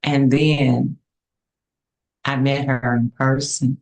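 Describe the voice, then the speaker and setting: Slow-spoken woman giving a heartfelt tribute. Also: very deep voice, flat delivery, poor audio. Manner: slow, warm and affectionate, with soft laughs.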